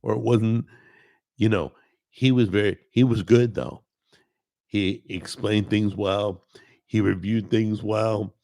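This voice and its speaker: A man's voice: lowish voice, steady tone, takes it slowly, pauses often, mellow, no room sound. A man hosting a live stream, chatting casually and rambling, greeting people in the chat and often correcting himself. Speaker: host.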